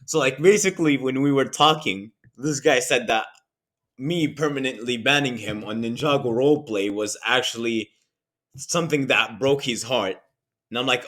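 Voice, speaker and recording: A young man narrates a storytime vlog in an animated, mocking tone full of slang. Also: mid-range voice, normal speed. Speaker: channel host.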